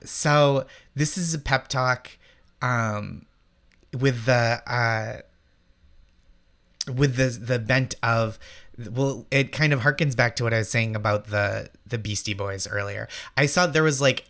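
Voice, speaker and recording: A man in his thirties from Massachusetts, a comedian guest, telling anecdotes in a chatty, animated way. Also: mid-range voice, slow, vocal fry. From Massachusetts, United States. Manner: animated storytelling, heavy use of "like". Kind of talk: casual interview chat.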